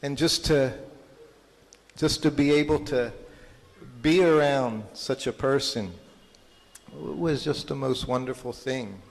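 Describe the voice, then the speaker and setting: A man speaking at a medium pitch, telling old memories to a gathering. His talk is halting, full of fillers and restarts. The voice carries a long hall reverb. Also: creaky. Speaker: guest speaker at temple anniversary. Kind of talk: reminiscing talk to an audience. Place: large temple hall.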